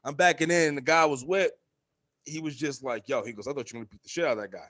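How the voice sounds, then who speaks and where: A young man hosts a relaxed podcast conversation. He tells stories with lots of life, swears freely and jumps up high when he acts out what others said. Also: rapid-fire. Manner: animated storyteller, acts out quotes in a high voice. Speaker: podcast host. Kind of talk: casual chat.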